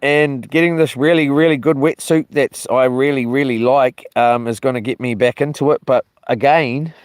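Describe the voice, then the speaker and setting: A man's voice: medium pitch, fairly even intonation, normal speed, clean tone, no echo, studio quality. A man chatting loosely to his live viewers on a solo camping trip, wandering off topic and mildly cursing as he greets people from the chat. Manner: meandering, loses his thread, mild cursing. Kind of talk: casual rambling live chat.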